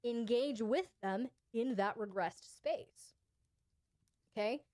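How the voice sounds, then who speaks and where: A woman's voice: fairly high pitch, slow, a little mellow, no room sound. A woman coaching her audience in a live Q&A, emphatic and often checking in with "okay?". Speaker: relationship coach and channel host. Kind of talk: live Q&A advice.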